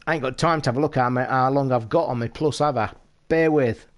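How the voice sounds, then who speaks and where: A British man in the middle of a live stream, chatting straight to his viewers. His talk is casual and quick to excite, peppered with constant swearing and a rushed edge, sitting at an ordinary middle pitch for a man. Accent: British English. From United Kingdom.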